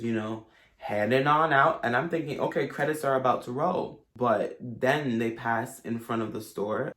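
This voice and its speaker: A man's voice: medium pitch, a bit bright. Gushing man in an echoey room. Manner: gushing and emotional, talking straight to viewers. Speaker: movie reviewer. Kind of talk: casual video review. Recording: roomy echo.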